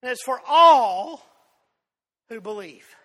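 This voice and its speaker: A man with a Southern drawl from Georgia, preaching a fiery sermon that swings between loud shouts and soft asides. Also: extremely high pitch, animated, slow pace. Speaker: pastor. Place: church sanctuary. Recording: long hall reverb.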